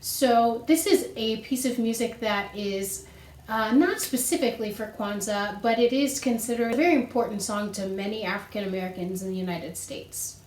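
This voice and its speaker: A woman's voice: a little high, normal speed, darkish tone, reverberant, slight background noise. A woman music teacher giving a recorded lesson to children, explaining patiently step by step and counting beats aloud.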